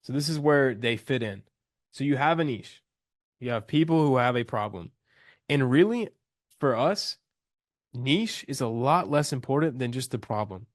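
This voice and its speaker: A young man leads a live coaching call in a loose, slangy way, enthusiastic and often restarting his sentences. His voice sits at an ordinary pitch. The sound is dry and close, with little room around it. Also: expressive, normal speed, dry recording.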